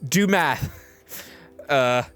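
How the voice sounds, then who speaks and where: Lively, joking young man. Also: medium pitch, soft background music. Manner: joking, rambling, quick to laugh. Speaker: podcast co-host and screenwriter. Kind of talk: casual chat.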